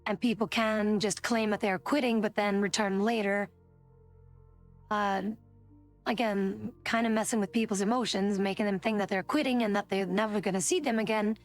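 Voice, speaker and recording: A woman's voice: mid-range voice, steady tone, normal speed, soft background music. A woman streamer chatting casually, indignant and rambling, swearing often. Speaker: VTuber streamer.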